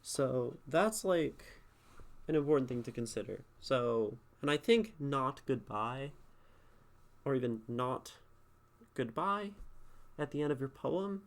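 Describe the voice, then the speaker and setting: A man in a relaxed, chatty critique, voice sitting in a middle register. He thinks out loud, leaning on fillers and checking in with "right?" as he goes. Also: medium pitch, slow, pauses often. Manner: conversational, thinks aloud with many fillers and "right?" tags. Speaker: streamer critiquing poetry. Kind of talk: casual spoken critique.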